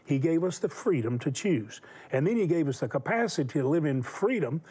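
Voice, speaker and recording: A man's voice: fairly high pitch, big pitch swings, a little fast, mellow, husky. A man hosting a Christian television talk show, speaking in an emphatic, preacherly way.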